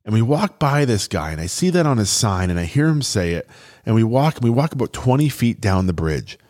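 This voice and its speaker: A man's voice: on the low side, big pitch swings, a little fast, a little mellow. A man telling a personal story in an earnest, chatty way, with fillers and restarts, at times getting choked up.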